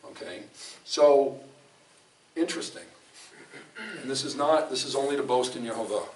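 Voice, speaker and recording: A man preaches in a relaxed, conversational way, telling stories with emphatic turns and frequent restarts. He is picked up by a microphone some distance away in a roomy, echoing hall. A faint hum of the room sits underneath his voice. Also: medium pitch, normal speed. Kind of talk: conversational sermon. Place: fellowship hall.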